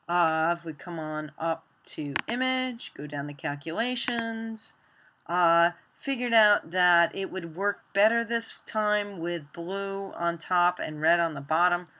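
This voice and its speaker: A woman teaching a screen-recorded software tutorial, chatty and self-deprecating as she talks while working. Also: on the low side.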